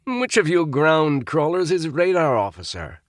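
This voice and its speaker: A man's voice: on the high side, sing-song, measured pace, dry recording, studio quality, pitched above the performer's own voice. A man voicing a young male cadet upperclassman who snaps mock-stern orders. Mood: snapping.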